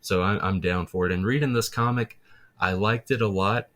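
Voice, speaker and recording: Low-voiced man chatting eagerly. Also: moderate pace, fairly bright tone. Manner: enthusiastic, rambling with restarts. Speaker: guest. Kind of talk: casual podcast chat.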